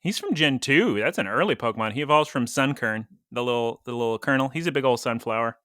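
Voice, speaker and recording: A man's voice: medium pitch, lively intonation, fast, a bit bright, dry recording, clean studio sound. A man co-hosting a podcast, chatting casually and rambling, laughing now and then. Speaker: podcast co-host.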